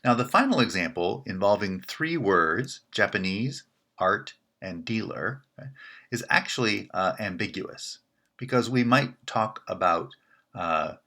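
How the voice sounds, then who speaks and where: A man giving a recorded linguistics lecture, explaining in a measured way and often checking in with "right?". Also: low voice, sharp tone.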